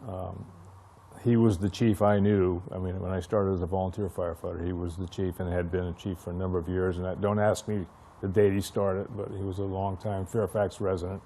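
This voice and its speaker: An older man, a retired fire chief, shares stories from his career in an oral history interview, acting out the dialogue he recalls. His low voice is mellow, with a level tone and a brisk pace, and there's slight background noise.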